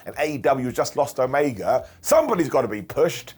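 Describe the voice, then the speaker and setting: A man giving a casual recap of a wrestling show, chatty and wry, slipping into quick impressions of the wrestlers. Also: medium pitch, big pitch swings, a little mellow, husky.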